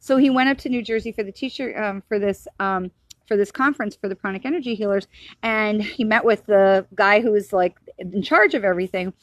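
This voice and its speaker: Middle-aged woman psychic, earnest reassuring ramble, mid-pitched, dry. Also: a little fast, dry recording. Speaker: psychic medium. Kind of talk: casual spiritual talk to camera.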